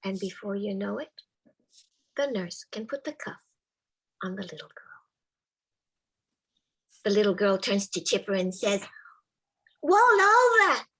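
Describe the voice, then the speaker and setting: A woman telling a personal story to a live audience in a soft, measured way, often dropping to a hushed whisper. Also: medium pitch, breathy edge, low-quality recording. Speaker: storyteller, spiritual care volunteer with a therapy dog.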